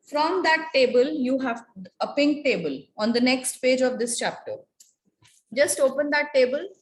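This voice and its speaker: A woman teaching a French class, slowly and patiently repeating and quizzing her students. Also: on the high side. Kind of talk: classroom lecture. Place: echoey classroom. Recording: echoey room with faint noise.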